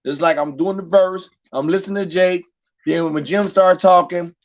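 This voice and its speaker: A man's voice: high-pitched, steady tone, moderate pace, highs cut off. A man co-hosting a podcast, chatting loosely and emphatically, looping back over his own words. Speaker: podcast co-host. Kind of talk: casual chat.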